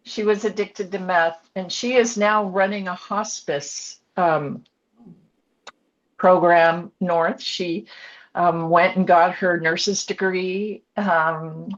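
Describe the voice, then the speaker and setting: Earnest woman in her sixties, lowish voice. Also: steady tone, slow. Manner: earnest, reflective, speaks in short phrases. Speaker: author and coach, podcast guest. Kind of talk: candid personal storytelling. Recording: dull lo-fi podcast audio.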